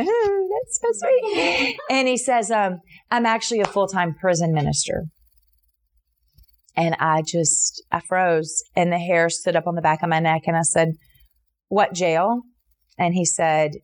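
A middle-aged woman with a slightly low voice shares a personal testimony. She talks earnestly and animatedly, with plenty of fillers and restarts. She jumps up in pitch when she acts out her own replies. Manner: voices others in quotes, jumping high for her own reactions. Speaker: interviewee.

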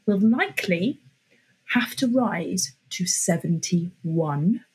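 A middle-aged British woman co-hosts a casual podcast with a deeply raspy, husky voice. She keeps a wry, sardonic tone with lively pitch, reading posts aloud as she chats. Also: takes it slowly, rough recording. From Britain. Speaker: podcast co-host. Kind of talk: casual chat.

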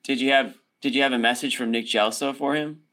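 A man co-hosting a casual basketball podcast, thinking out loud with stammered restarts. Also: mid-range voice, steady tone, a little fast, a little hiss or hum. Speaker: podcast co-host.

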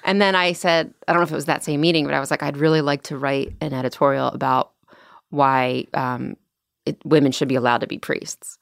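A woman guest on a podcast, chatting casually and telling animated stories, acting out the voices of people she quotes. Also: deep voice, a little fast, gravelly, clear, resonant tone, no echo, studio quality. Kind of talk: casual chat.

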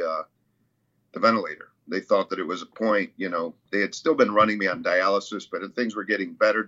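Casual male guest, bright forceful tone, rambling storyteller, muffled lo-fi audio. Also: on the low side. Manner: rambling, many fillers and restarts. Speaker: interview guest, CrossFit athlete.

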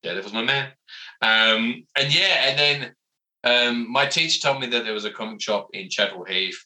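Bright-voiced man telling stories. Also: medium pitch, normal speed, low-quality recording. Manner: animated, self-mocking anecdotes with many fillers. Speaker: comic book writer and guest. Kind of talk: casual interview storytelling.

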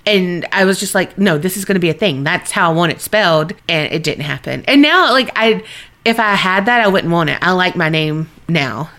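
A woman's voice: medium pitch, fairly bright tone. Chatty woman podcast co-host. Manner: chatty, laughs easily. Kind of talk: casual chat and storytelling.

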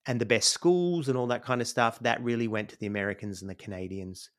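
A man's voice: mid-range voice, fast. A middle-aged Australian man, a podcast guest, telling his life story in a reflective, rambling way, with frequent "you know"s. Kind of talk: conversational storytelling.

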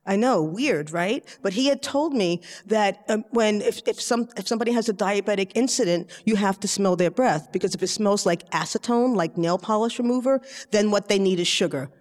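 A woman from the Bronx telling a personal story to a live audience, chatty and animated, acting out her family members' voices. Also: mid-range voice, moderate pace, few pauses, long reverb tail. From the Bronx, New York City.

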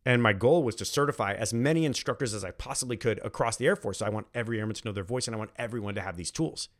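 A man with a fairly low voice tells a personal story as a podcast host. He speaks earnestly and with emphasis, and he repeats key phrases to drive them home. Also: fairly bright tone.

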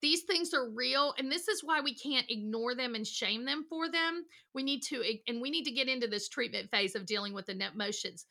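A middle-aged woman counselor, a guest on a podcast, tells stories with energy and acts out little voices along the way. Her voice is high, with some vocal fry, and she talks at a normal speed with few pauses.

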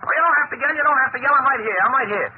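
An actor playing an excitable, slangy male cab driver who repeats himself, in a 1930s radio drama. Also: very high-pitched, rapid-fire. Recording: tinny hissy 1930s radio broadcast.

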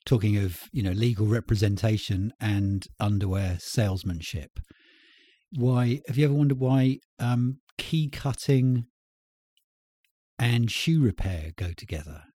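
A man's voice: fairly low pitch, unhurried, mellow, no room sound, clean studio sound. A man in casual chat, musing playfully and making jokes.

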